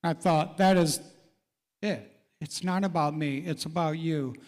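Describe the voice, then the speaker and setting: A man's voice: a little high, measured pace, a little mellow. A middle-aged man hosting a live real estate event, folksy and encouraging as he calls out people in the audience by name. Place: large event hall. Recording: reverberant event hall.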